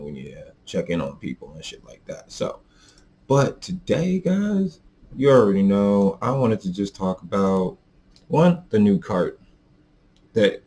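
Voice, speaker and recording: A man's voice: low-pitched, gravelly, a little mellow, slight background noise. A young man talking casually to his viewers in a rambling, profane, heated rant. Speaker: vlogger reviewing vape carts.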